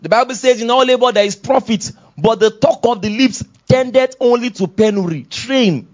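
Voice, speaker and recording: Nigerian pastor shouting exhortations. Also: male voice, very high-pitched, moderate pace, highs cut off. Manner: swings from soft asides to loud shouted exhortations, laughs often. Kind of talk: sermon.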